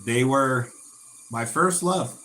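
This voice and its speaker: This is a man hosting a live football watch-along, narrating passes and shots in loose, everyday talk. He swears freely and shouts at big chances. There's a faint hiss behind his voice. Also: medium pitch, slow. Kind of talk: casual live play-by-play commentary.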